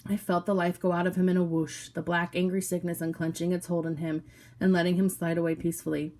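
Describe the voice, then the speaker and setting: A woman reading a novel aloud, narrating in the first person with steady, low-key storytelling. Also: fast talker. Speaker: audiobook reader.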